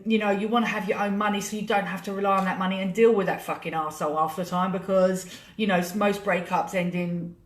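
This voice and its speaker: A British woman coaching her group on a live stream, chatty, emotional and swearing freely. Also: medium pitch. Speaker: money coach hosting a live challenge. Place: home room with a laptop. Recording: echoey room.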